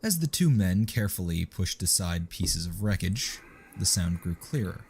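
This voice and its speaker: Low-voiced man reading a story. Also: husky. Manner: steady, measured reading. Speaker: narrator. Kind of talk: scripted narration.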